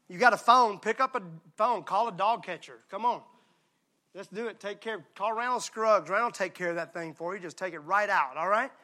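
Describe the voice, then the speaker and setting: A male pastor from Mississippi, preaching a lively, joking, conversational sermon. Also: high-pitched. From Mississippi, USA.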